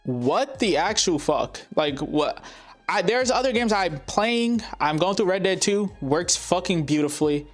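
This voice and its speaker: A man ranting angrily about a game, swearing often and pausing on fillers. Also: high voice, expressive, faint music behind. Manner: profane, heated, frequent filler pauses. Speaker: gaming commentator. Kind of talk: angry rant to camera.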